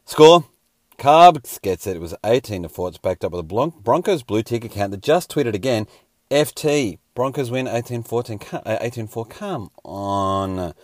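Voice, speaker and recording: A man's voice: medium pitch, animated, a little fast, darkish tone, no echo, clean studio sound. Hungover man hosting sports recap. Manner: wry, joking asides. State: hungover, a little scratchy. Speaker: host. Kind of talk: casual sports round-up.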